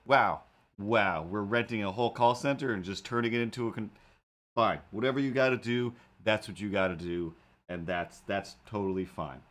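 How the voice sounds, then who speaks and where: A man hosting a casual livestream, rambling and talking to his streaming software and his animated cat helper. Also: lowish voice, normal speed. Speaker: livestream host and cartoonist.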